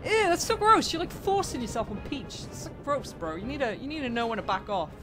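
A young woman giving casual, excitable commentary while playing a video game, swearing freely and talking back to the characters. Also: sits high, fairly quick, music in the background. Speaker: let's play gamer.

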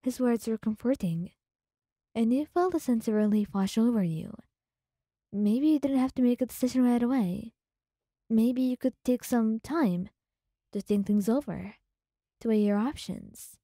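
Young woman doing hushed asmr storytelling, super mellow dark voice, slow. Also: on the high side, no echo, studio quality. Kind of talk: soft ASMR narration.

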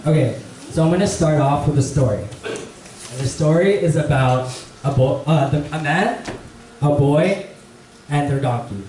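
Casting young male preacher, chatty and loose with fillers, mellow voice, recorded from across an echoey church hall. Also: a little high, unhurried, pauses often, recorded from a distance. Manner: relaxed, chatty, many fillers and "like". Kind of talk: casual church message with storytelling. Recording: echoey church hall, faint room noise.

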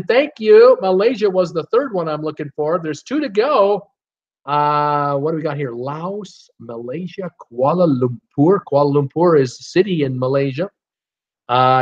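Chatty man hosting a live quiz, lo-fi sound. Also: fairly high pitch. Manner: chatty and encouraging, with frequent "uh" and "um" pauses. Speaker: host of a live trivia stream. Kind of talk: casual live-stream quiz, reading viewer guesses aloud.

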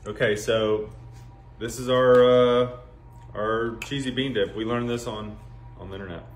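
A man's voice: mid-range voice, fairly even intonation, a little slow, faint music behind. Playful man hosting a kitchen video. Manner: playful, jokey, talks to viewers as folks. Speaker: cooking video host. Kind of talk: casual cooking chat.

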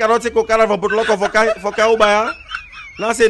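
A man's voice: high voice, animated, brisk, fairly bright tone, slight background noise. A man from Sierra Leone with a Krio accent, telling stand-up jokes in Krio-flavored English and acting out the people in them. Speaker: comedian.

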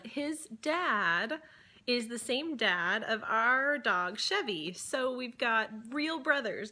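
A woman's voice: on the high side, pushed and bright. A woman vlogger filming at home indoors, casually narrating and cooing baby talk to her pets. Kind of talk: casual home video chat.

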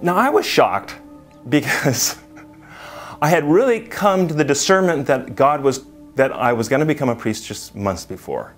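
A man's voice: mid-range voice, very animated, unhurried, soft background music. A man who is a priest, in a documentary interview, telling a story animatedly with frequent chuckles.

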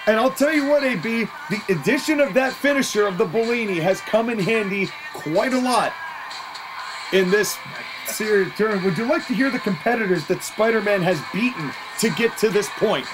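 A wrestling commentator calling the action play by play, excitable, openly taking sides, and quick to laugh. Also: mid-range voice, over music, low-quality recording.

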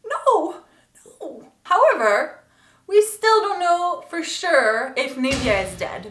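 Animated woman reviewing TV, echoey room. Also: very high-pitched. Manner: emotional, animated, gushing. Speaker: TV episode reviewer. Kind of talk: casual vlog review.

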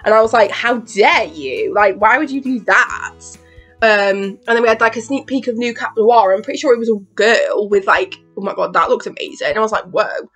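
A woman chatting excitedly in a rambling makeup vlog, swearing freely and acting out her own reactions. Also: on the high side, fast talker, hardly any pauses, husky, faint music behind. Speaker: beauty vlogger. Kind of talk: rambling get-ready-with-me chat.

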